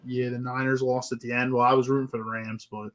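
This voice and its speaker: A man's voice: medium pitch, quick pace, highs cut off. Loose, swearing male podcast co-host. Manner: animated storyteller, acts out crowd voices, swears freely. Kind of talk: casual chat.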